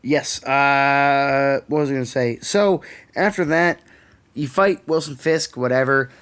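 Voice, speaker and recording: A man's voice: medium pitch, fairly even intonation, unhurried, a bit bright, clean tone. A young man with a Canadian accent, ranting sarcastically and swearing often as a podcast co-host. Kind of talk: casual chat. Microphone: podcast microphone.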